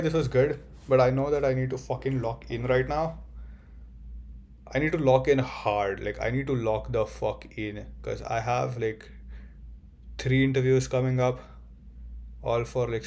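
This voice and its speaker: A young man with a medium-pitched voice performs a comedic monologue as a student hunting for a job. He swears often and rambles excitably, breaking into sudden outbursts.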